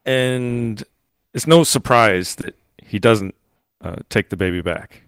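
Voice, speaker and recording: A man's voice: lowish voice, takes it slowly, a bit bright, clean tone, no echo. A man co-hosting a podcast in casual chat, rambling with many fillers and restarts and laughing often. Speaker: podcast co-host.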